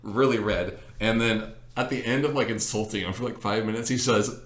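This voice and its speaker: Deep-voiced young man telling stories. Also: a little fast. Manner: animated, laughing, with many fillers. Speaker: storyteller. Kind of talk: casual storytelling chat. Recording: echoey room.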